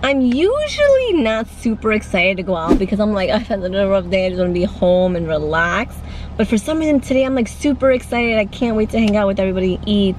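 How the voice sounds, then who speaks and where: A woman in her thirties talking casually to camera in a family vlog, chatty and animated, slipping into Spanish at times. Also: medium pitch, fast talker, noisy background. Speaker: family vlogger.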